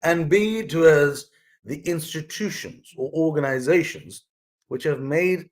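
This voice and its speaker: On his own vlog, a man shares a life lesson from his mother in a casual, rambling, earnest monologue, restarting often. His voice is a little high and unhurried.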